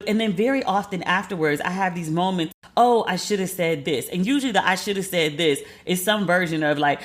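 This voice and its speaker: A woman podcast host telling a story in a candid, casual way, swearing freely and acting out what people said with sharp jumps in pitch. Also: fairly quick, hardly any pauses. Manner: candid and profane, acts out quotes with lively jumps in pitch.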